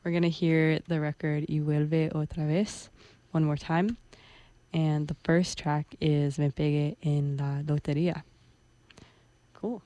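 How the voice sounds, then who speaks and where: A woman's voice: sits low, measured pace, no echo. A young woman hosting a radio show from a studio, chatting casually with her co-hosts between records. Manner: relaxed, chatty, light laughter. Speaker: radio host.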